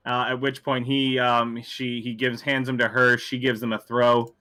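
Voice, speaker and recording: Rambling game master man, bright voice. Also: mid-range voice, level tone, unhurried. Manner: rambling, self-correcting explanations. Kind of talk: casual tabletop game narration.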